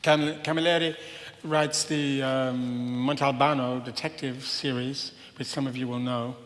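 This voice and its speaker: A man's voice: mid-range voice, flat delivery, unhurried, a bit bright. A man interviewing a guest on stage, with a wry, conversational manner. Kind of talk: onstage conversation. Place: lecture hall at a public event. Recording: reverberant hall.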